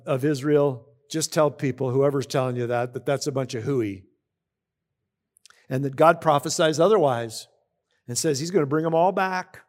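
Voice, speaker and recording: A man preaching a sermon, reading scripture aloud and explaining it in a conversational way, often asking his listeners questions. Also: medium pitch. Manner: reads scripture aloud between comments. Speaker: pastor. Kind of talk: sermon teaching.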